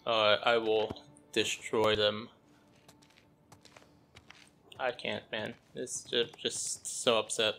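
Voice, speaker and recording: A man's voice: fairly low pitch, little pitch movement, slow, creaky, sharp tone, faint music behind. A young man doing gameplay commentary, groaning and muttering his exasperated reactions. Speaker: gameplay streamer.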